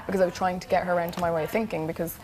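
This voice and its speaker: Fast-talking woman retelling an argument. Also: lowish voice, flat delivery, crowd noise. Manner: rapid, retelling with quoted dialogue. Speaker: reality show contestant. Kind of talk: heated casual chat. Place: house living area, indoors.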